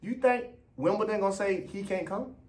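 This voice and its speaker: Fired-up man ranting in a high voice. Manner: passionate, emphatic, repeats points, drawn-out stresses. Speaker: vlog host and runner. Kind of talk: heated opinion rant to camera.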